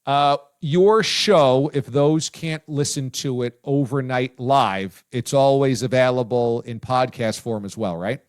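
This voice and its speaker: A male show host interviewing a guest, loud and excitable, sometimes shouting his praise. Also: mid-range voice, unhurried, few pauses, smooth. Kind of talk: casual interview chat.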